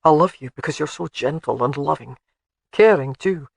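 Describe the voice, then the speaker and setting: A narrator voicing a gruff, teasing Highland laird with a lilt and a low, slow drawl. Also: male voice, no room sound.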